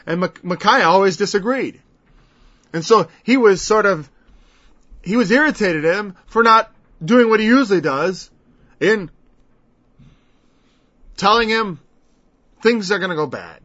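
A man's voice: high voice, lively intonation, a little slow, pauses often, fairly bright tone. A man preaching a verse-by-verse Bible teaching in a conversational way, acting out the people he quotes in changed voices. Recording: dull lo-fi recording.

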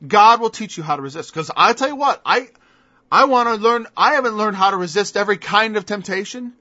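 A man's voice: high-pitched, expressive, brisk, bright, forceful tone, dry recording. A man preaching a sermon in an emphatic style, firing off mocking rhetorical questions. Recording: dull lo-fi dry recording.

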